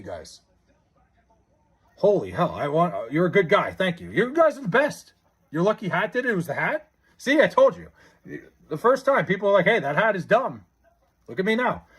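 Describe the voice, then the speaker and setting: A young man chats on his livestream, reading out messages from viewers. His voice sits high and swoops widely as he stammers, overwhelmed and excited. There is a husky edge to his tone. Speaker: livestream host. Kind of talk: casual livestream chat, reading chat aloud.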